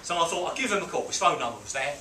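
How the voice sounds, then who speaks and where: A man with a slightly high voice tells a business story to a small group, acting out voices and sound effects with lively energy. He sounds some distance from the mic in a roomy, echoing space, with steady background noise. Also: rapid-fire. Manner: animated, acts out quotes and beeping sounds. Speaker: business mentor. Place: on a boat.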